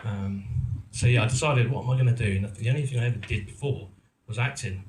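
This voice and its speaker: Speaking fast in a mid-range voice, a middle-aged man from England, an actor and producer, tells a live audience his story in a roomy event hall. His talk is casual, rambling and self-mocking, thick with ums and restarts. The sound is reverberant, with a little hiss or hum.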